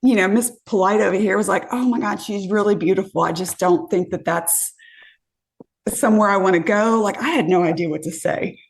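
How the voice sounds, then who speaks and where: A woman from California telling a story on a podcast in a casual, animated way, acting out what people said and swearing when she relives the moment. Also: mid-range voice, fairly quick, gravelly. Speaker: guest storyteller.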